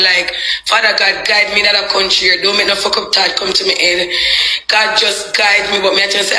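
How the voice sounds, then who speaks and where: A man's voice: high-pitched, sharp tone, echoey room, slight background noise, low-quality recording. A man with a Jamaican accent, talking to his live-stream viewers in Patois in a rambling, confessional way.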